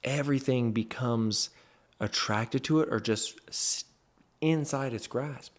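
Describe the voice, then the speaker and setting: A man's voice: mid-range voice, slow. A man in a motivational talk to camera, a mentor who speaks emphatically and stresses his points with "freaking".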